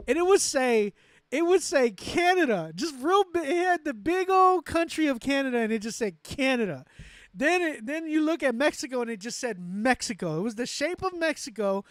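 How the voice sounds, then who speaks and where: A man from Texas with a Texan accent, hosting a casual chat and telling animated, self-mocking stories. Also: very high voice, dry recording, studio quality. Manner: animated storytelling, loud excited outbursts, self-mocking laughs. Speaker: host. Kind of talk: casual chat with live chat readers.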